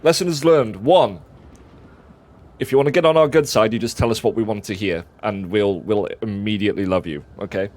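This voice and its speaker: A man's voice: lowish voice, fairly quick, darkish tone. A man hosting a game stream, chatty and teasing, often stammering as he restarts his sentences. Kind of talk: casual let's-play chat.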